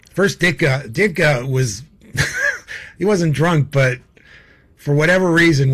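A man's voice: medium pitch, fairly bright tone. Laughing, rambling male storyteller. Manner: rambling, laughing as he tells stories, many fillers. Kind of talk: casual anecdotal storytelling.

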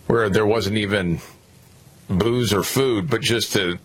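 A man's voice: on the low side, slow, breathy edge. A man co-hosting a political talk radio show, joking sarcastically about the news. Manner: sarcastic, jokey.

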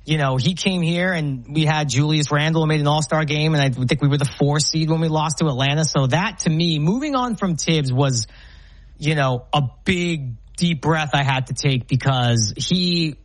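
Animated man from Brooklyn, dry sound. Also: a little high, normal speed, dry recording, poor audio. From Brooklyn, New York. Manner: animated, heartfelt storyteller. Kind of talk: casual sports talk.

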